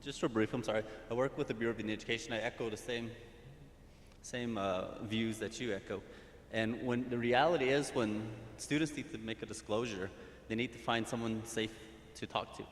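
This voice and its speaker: A man's voice: steady tone, brisk. A man who works in school counseling speaks from the audience at a community forum, earnest, often restarting and repeating his phrases. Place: large hall. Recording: echoey hall with faint rumble.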